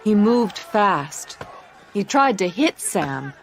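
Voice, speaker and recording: A woman narrating a simple story for English learners, clear and deliberate. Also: medium pitch, big pitch swings. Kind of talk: slow scripted story reading for English learners.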